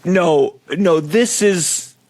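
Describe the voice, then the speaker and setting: A man's voice: sits high, extremely slow, a little mellow, no room sound. A man hosting a comedy podcast, chatting casually and teasing his guest in a wry way. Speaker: podcast host.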